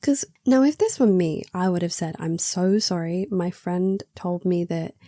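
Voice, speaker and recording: A woman's voice: on the low side, animated, moderate pace, dark tone, dry recording, clean studio sound. Chatty sarcastic woman reviewer. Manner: chatty, sarcastic, acts out characters' lines. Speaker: book reviewer. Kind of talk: casual book review chat.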